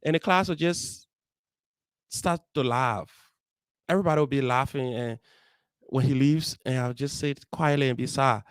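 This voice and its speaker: A man's voice: medium pitch, normal speed, long pauses, smooth, dry recording, studio quality. A young adult man with a Liberian English accent, host of a motivational show, telling his life story in an earnest, heartfelt way. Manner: earnest, heartfelt, acts out dialogue. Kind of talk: personal storytelling.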